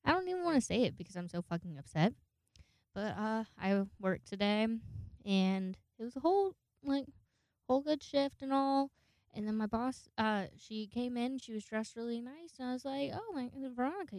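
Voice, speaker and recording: Her voice sits on the high side, expressive and darkish in tone, moving at a moderate pace. In her twenties, she rambles through a profanity-heavy story as a casual monologue, putting on voices for the people in it. Clean studio sound, no room ambience.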